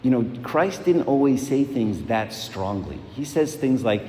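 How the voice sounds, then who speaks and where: A man's voice: medium pitch, animated, a little slow, mellow. A man preaching a sermon in a conversational way, repeating words and asking rhetorical questions. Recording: echoey hall, faint noise.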